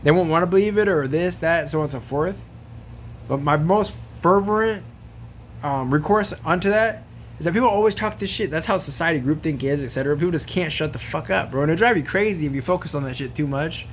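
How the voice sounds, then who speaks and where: Guy ranting into his camera, kinda higher voice, swears constantly, says bro every other line, rambles all over. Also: fairly quick, a little hiss or hum. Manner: rambling, profane, slangy, says bro a lot. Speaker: vlogger. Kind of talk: casual rant to camera.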